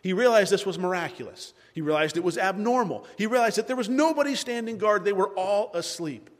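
A male preacher delivers an animated sermon, retelling scripture and urging his listeners on. His voice sits fairly high. A long reverb from the sanctuary follows each phrase. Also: a little fast.

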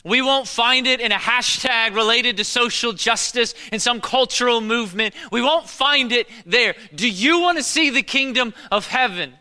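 A man in his thirties preaches with a high, ringing voice and a very bright, forceful edge. He builds repeated rallying lines, then drops to a hushed near-whisper when he tells a story. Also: normal speed, hardly any pauses. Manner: swings from loud exhortation to hushed storytelling; repetitive preaching cadence. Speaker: pastor. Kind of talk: sermon.

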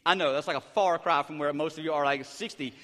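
A middle-aged pastor preaching a sermon, hyper and excited, tumbling through restarts and repeated words. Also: male voice, on the high side, fast talker. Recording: big hall reverb.

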